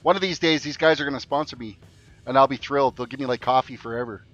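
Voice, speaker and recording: A Canadian man streams a video game, chatting and joking casually with his viewers and reading the chat aloud as he plays. He talks fast in a mid-range, slightly bright voice. The recording is muffled, with faint music behind.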